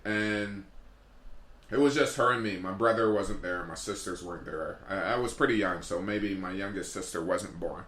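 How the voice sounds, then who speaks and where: A man's voice: lowish voice, bright, forceful tone. A man doing a rambling comedic storytelling monologue as a podcast host, drifting off on tangents. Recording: roomy echo.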